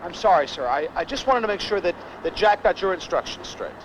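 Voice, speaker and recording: A man's voice: high-pitched, lively intonation, a little fast, lo-fi sound, slight background noise. An actor playing a nervous, apologetic male aide in a film drama, stammering as he answers his boss. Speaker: personal aide.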